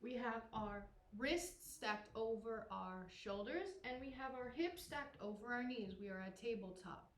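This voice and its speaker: A woman leading a gentle, playful yoga lesson for children, coaxing and making animal sounds. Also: on the high side, expressive, a little slow, few pauses, reverberant. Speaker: kids yoga instructor.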